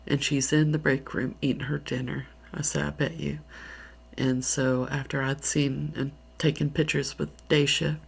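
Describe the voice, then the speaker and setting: A deep, heavily gravelly woman's voice with a Southern US accent, drifting in and out of a soft half-whisper. She rambles through her story in a tired ASMR style. The tone is husky and breathy throughout. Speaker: ASMR creator.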